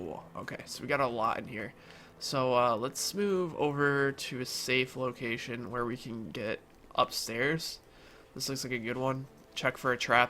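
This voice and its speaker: A young man talks casually over his own gameplay, his voice nasal and stuffed up from allergies. His tone is bright and forward, and he chats easily, padding his sentences with ums and you-knows as he reassures his viewers. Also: mid-range voice, slight background noise. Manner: chatty, filler-heavy, reassuring the viewers. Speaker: gaming YouTuber.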